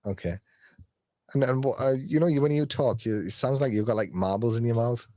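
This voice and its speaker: A man hosting a live radio show in a studio, chatting casually and joking with callers, with lots of halting fillers. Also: medium pitch, mellow, dry recording. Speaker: radio host.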